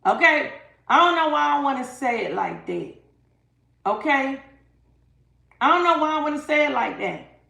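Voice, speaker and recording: A woman's voice: high voice, very animated, moderate pace, vocal fry, pauses often, pushed and bright, reverberant. A woman giving a live-stream tarot reading, talking emphatically and dramatically straight to her viewers. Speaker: tarot reader.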